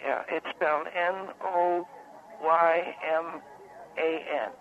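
A man voicing a confused older woman caller who is lost at a carnival, halting and hesitant as she stumbles over her own spelling. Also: fairly high pitch, level tone, pitched above the performer's own voice. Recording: phone-like call line.

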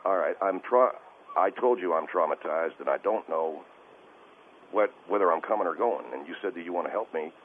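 A male caller on a radio show, talking in a halting, stammering and distressed way over the phone. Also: sits low. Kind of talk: call-in radio conversation. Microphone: telephone. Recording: tinny phone line with faint hiss.

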